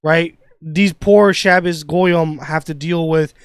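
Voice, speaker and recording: A man's voice: a little high, steady tone, takes it slowly, clear, resonant tone. A man hosting a podcast, talking in a profane, rambling rant full of restarts. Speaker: podcast host. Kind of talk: casual podcast chat.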